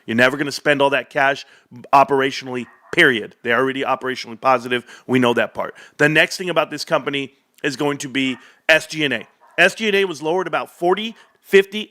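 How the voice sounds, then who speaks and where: Bright-voiced chatty male streamer. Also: mid-range voice. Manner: chatty, addresses viewers directly. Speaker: livestream host. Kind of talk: casual stock market livestream. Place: home.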